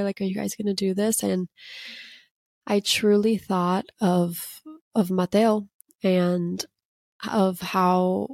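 A woman's voice: mid-range voice, gravelly, darkish tone, dry recording, studio quality. A woman in her thirties from Miami, a podcast co-host telling a long story in casual chat, full of "like" fillers. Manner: chatty storytelling with many "like" fillers.

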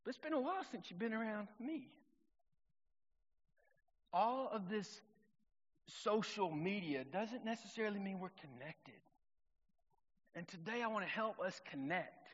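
A middle-aged man, preaching a sermon in a relaxed, conversational storytelling way. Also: high-pitched, measured pace, long pauses. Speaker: pastor. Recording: long reverb, dull lo-fi sound.

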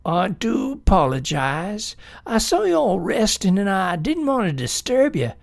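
A man doing a folksy high-voiced newt. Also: huge pitch swings, unhurried, gravelly, full character voice. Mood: apologetic. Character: friendly folksy male newt, apologetic.

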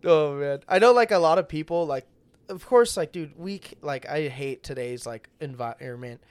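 A man's voice: on the high side, normal speed, smooth, dry recording. A young man co-hosting a podcast in casual chat, swearing often and filling his talk with "like" and "dude". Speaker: podcast co-host.

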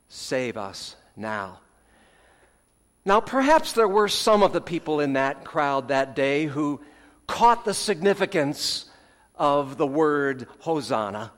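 A man preaching a sermon in a measured way, his phrases swelling with emphasis and then falling away at the ends. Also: fairly high pitch, in a large hall. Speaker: pastor.

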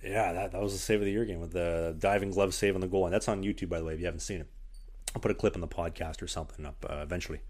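Low-voiced man telling a story on a podcast. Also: very fast. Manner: animated, lots of "like" fillers, acts out quotes. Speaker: podcast host, hockey goalie. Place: one-bedroom apartment.

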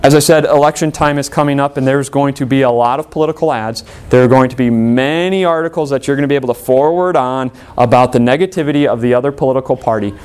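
A man's voice: mid-range voice, fast talker, hardly any pauses, smooth. Earnest male preacher delivering a sermon. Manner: earnest, rising emphatically and dropping soft for quoted prayers. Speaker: pastor.

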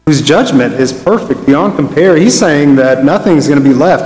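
A man giving a Bible study sermon in a relaxed, conversational way, often restarting his phrases. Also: on the high side, normal speed. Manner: conversational, restarts phrases, reads scripture aloud. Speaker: preacher. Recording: roomy with long reverb.

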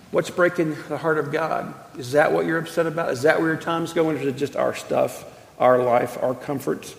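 A pastor in his fifties preaching a sermon, telling stories emphatically with slow, drawn-out pauses. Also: on the high side, steady tone, gravelly. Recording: echoey church hall.

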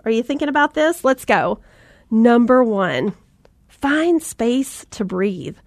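A woman in her thirties with a Southern accent, telling a lively family story and turning it into faith encouragement for listeners. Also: fairly high pitch, no room sound, clean studio sound. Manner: animated storyteller, acts out voices, talks to audience directly. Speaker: mom and motivational speaker.

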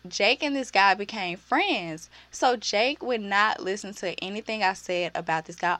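A young woman telling a story in a casual vlog, animated and sassy, full of slang and profanity, jumping into high voices when she quotes people. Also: normal speed, hardly any pauses, no echo. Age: young adult. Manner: uses slang and profanity freely.

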